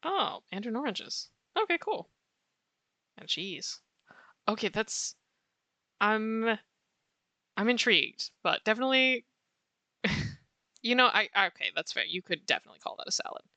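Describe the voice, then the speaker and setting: A woman with a bright, clear voice chats casually with her viewers while she sketches. She answers chat in a warm, playful way and laughs often. Her voice is close and dry, with soft clicking in the background. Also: a little high, sing-song, measured pace, long pauses, no echo. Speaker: art streamer.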